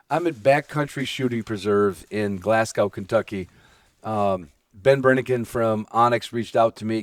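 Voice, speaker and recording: A man's voice: fairly low pitch, dry recording, studio quality. A man from Illinois hosting a casual podcast chat, rambling and joking and often restarting his sentences. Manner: rambling, jokey, talks over himself. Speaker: podcast host. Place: indoors at a hunting preserve.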